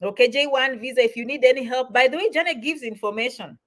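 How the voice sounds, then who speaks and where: A woman's voice: sits high, fast talker. Emphatic woman hosting a livestream. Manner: repetitive, encouraging, emphatic. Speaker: host answering viewer comments. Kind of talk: livestream Q&A chat.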